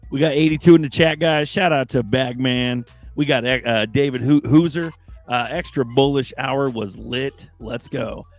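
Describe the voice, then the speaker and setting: A man co-hosting a casual crypto live stream, hyped and shouting out people in the chat. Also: mid-range voice, steady tone, normal speed, no room sound, soft background music.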